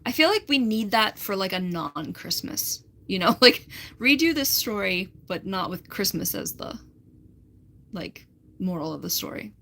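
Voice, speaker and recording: A woman's voice: mid-range voice, big pitch swings, a little slow, gravelly, sharp tone. A young American woman chatting casually on a livestream, rambling and laughing as she answers her chat. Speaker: livestream host.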